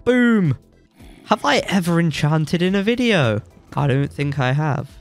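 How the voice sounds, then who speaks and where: A young man with a blocked nose, giving excitable, joking commentary while playing a game and yelping when surprised. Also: a little high, normal speed, faint music behind. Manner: excitable, jokey boasting, yelps when surprised. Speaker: gaming YouTuber. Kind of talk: let's play commentary.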